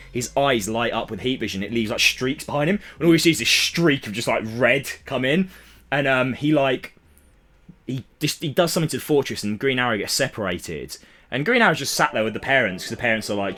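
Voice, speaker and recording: A young man chatting on a casual podcast, retelling a comic plot with lively acted-out voices. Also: medium pitch, quick pace. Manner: animated storytelling, acts out characters' lines. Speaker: podcast co-host. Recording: music playing behind.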